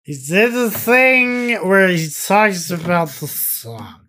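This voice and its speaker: A man's voice: sits high, very animated, slow pace, sharp tone. Dry-humored man co-hosting a podcast. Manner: dry, jokey, leads the segment. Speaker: podcast co-host. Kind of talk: casual chat.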